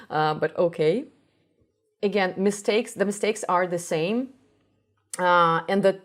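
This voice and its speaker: A young Russian woman with a Russian accent gives a pronunciation lesson, stopping often to say sounds over and over. Her voice sits a little low and she talks at an unhurried, slow pace, with plenty of pauses. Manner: explains slowly with many uh fillers, repeats sounds to demonstrate. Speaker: language teacher. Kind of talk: reaction video with pronunciation lesson.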